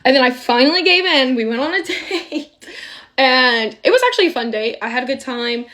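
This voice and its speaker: A woman's voice: high-pitched, lively intonation, fairly quick, fairly bright tone. A young woman casually telling a dating storytime, chatty and loose with fillers. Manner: chatty, full of fillers and laughs.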